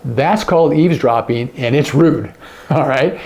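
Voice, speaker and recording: A man teaching sign language to camera, explaining each sign and often dropping to a hush on the example words. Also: medium pitch, a little slow.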